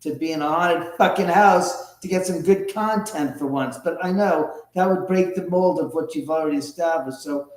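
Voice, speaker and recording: A man hosting a live stream pushes his guest with sarcastic, profane jabs. His voice sits fairly high. The room around him sounds echoey. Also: normal speed, few pauses, darkish tone. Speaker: livestream host. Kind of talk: casual live-stream chat.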